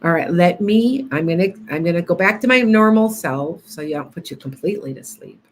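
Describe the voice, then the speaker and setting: A woman's voice: lowish voice, lively intonation, a little fast, slight background noise. Rambling, chatty woman livestream host. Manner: rambling and chatty, greeting viewers by name between stories. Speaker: psychic healer and livestream host. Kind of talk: casual livestream chat with viewers.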